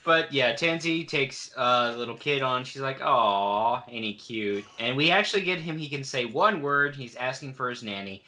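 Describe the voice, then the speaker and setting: Man, podcast co-host, lively pitch, bright tone, recaps the story with voices. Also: normal speed, few pauses. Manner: animated summarizing, acts out characters' lines. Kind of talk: casual book discussion chat.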